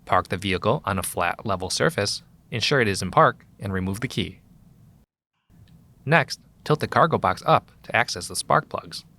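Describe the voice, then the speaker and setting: A man giving calm, even, scripted instructional narration as a voice-over for a vehicle maintenance video. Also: lowish voice, normal speed.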